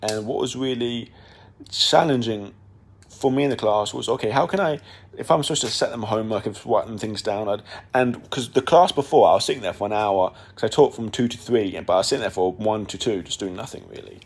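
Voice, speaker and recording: A man's voice: lowish voice, fairly quick, husky. A young man talking casually on his own podcast, rambling with many fillers and restarts. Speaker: podcast host. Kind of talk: casual monologue.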